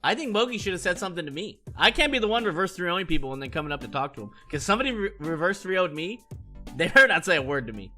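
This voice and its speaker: Hyped guy with a high, bright voice telling party stories on stream, faint music behind. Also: very fast. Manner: excitable, swears, acts out quotes with big pitch swings. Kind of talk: animated storytelling recap.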